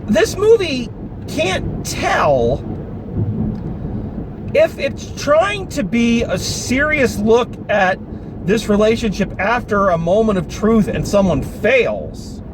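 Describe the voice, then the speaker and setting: A man giving a casual, animated review of a film, talking with exasperation and some swearing, recorded in a car. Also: extremely high pitch. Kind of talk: casual spoken movie review. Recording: noisy car interior.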